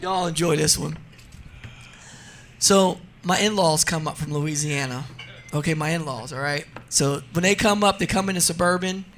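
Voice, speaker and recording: A man in his forties from New Jersey, a radio interview guest telling funny stories in a lively, laughing way. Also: on the high side, normal speed, slight background noise. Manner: animated, laughing storyteller. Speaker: guest, drag racer. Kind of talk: casual radio interview storytelling.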